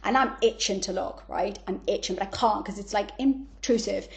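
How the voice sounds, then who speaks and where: A woman, a podcast guest telling stories in a candid, animated way, blunt and swearing freely. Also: mid-range voice, normal speed, gravelly. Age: 30s. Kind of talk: candid conversational storytelling.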